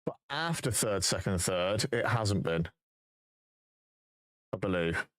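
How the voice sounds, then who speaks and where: A man's voice: sits low, expressive, slow pace, a bit bright. A man live-streaming, chatting casually and thinking aloud while he fixes his voice settings.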